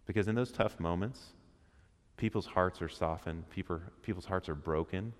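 A man preaches to a men's church gathering in a very low voice. He keeps it conversational, throwing questions to the room and acting out little quotes. His words ring out with a long hall reverb. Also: normal speed. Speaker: speaker at a men's church group. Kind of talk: interactive sermon with questions to the audience.

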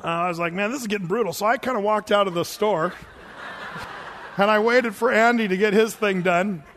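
Male pastor, high-pitched and folksy, telling stories from the pulpit in a reverberant hall. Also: a bit bright, slight background noise. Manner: folksy, chatty, quick to laugh. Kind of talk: sermon with storytelling.

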